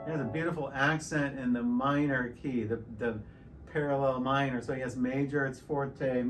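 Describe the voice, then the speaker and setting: A middle-aged man teaching piano in a relaxed, explanatory way, stopping and restarting often. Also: mid-range voice, moderate pace. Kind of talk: casual piano tutorial. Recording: piano loud in the background.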